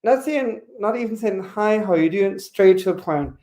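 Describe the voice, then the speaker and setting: A man's voice: sits high, animated, normal speed, dark tone. A man in his forties doing a campy, chatty stand-up comedy set online, peppering his talk with "you know". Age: 40s. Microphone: home webcam mic.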